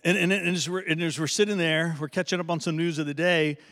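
A middle-aged male pastor telling a story in a sermon, animated and conversational, often asking his audience "right?". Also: a little high, fast talker. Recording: long hall reverb.

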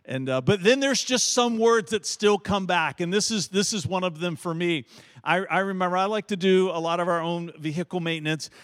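A man's voice: high voice, brisk, a bit bright. A middle-aged man from Virginia with a Southern accent, preaching a folksy storytelling sermon as pastor, restarting and repeating words as he goes. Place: church sanctuary. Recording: long reverb of a large church hall.

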